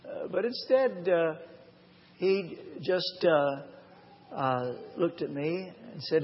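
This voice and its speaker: A man preaching a live sermon, his voice sitting fairly high. He tells his story earnestly and drags out the key phrases for weight. The recording is dull and washed in long reverb from a large church hall. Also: big pitch swings. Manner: earnest, personal storytelling with emphatic slowed phrases. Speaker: pastor.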